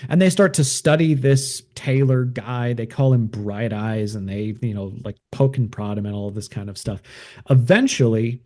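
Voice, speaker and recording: Speaking at a moderate pace with a warm, medium-pitched voice, a man hosting a show recaps a movie in a loose, rambling way. Fillers crop up constantly.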